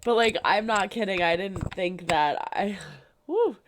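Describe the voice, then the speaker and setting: A woman's voice: mid-range voice, unhurried, a little hiss or hum. A young woman hosting a reaction channel, gushing in casual commentary and peppering her talk with fillers. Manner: gushing, effusive, frequent "like" fillers.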